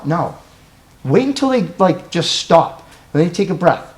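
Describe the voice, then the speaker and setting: Guy giving a crisis intervention training talk, slightly high voice, keeps asking the room stuff. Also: big pitch swings, unhurried, a little hiss or hum. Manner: asks the audience questions, tags points with "right?". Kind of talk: live training presentation. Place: meeting with a live audience.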